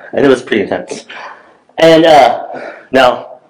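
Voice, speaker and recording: A man's voice: mid-range voice, lively intonation, takes it slowly, rough recording. A middle-aged man, a pastor, preaching a sermon in a church in a conversational storytelling way, with many fillers and restarts.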